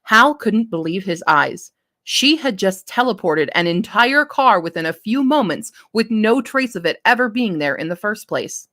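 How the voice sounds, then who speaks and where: A woman's voice: mid-range voice, sing-song, moderate pace, a bit bright. A woman reading her own story draft aloud, stopping to reread and correct lines.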